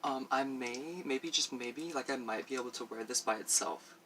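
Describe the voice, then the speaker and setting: A man's voice: medium pitch, normal speed, heavy background noise. A man chatting through a casual makeup review for his vlog, rambling with many fillers and frequent laughs while he does his makeup on camera at home. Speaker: beauty vlogger.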